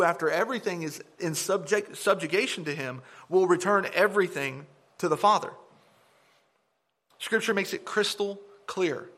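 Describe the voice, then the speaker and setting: Man, preacher, sermon, emphatic, animated, slightly high voice. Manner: animated, emphatic, mocking impressions of opponents.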